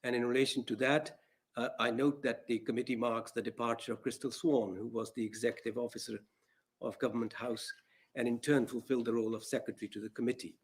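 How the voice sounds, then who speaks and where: Formal judge, husky voice. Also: male voice, mid-range voice, level tone. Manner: measured, formal, reads from prepared remarks. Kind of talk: formal courtroom address. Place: courtroom.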